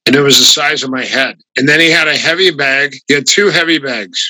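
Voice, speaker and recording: Guy telling wild stories, gets animated doing other people's lines, bright voice, dry sound. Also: mid-range voice, fairly quick, dry recording, rough recording. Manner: animated, raises his voice when quoting others. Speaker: martial arts guest. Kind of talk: casual anecdotal storytelling.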